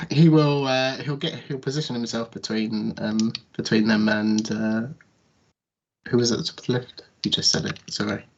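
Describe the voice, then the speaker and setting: A man's voice: on the low side, fairly even intonation, normal speed, gravelly, a little hiss or hum. A man playing a tabletop game, hesitantly describing what his character does. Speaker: player. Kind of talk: casual tabletop play. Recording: dull lo-fi audio.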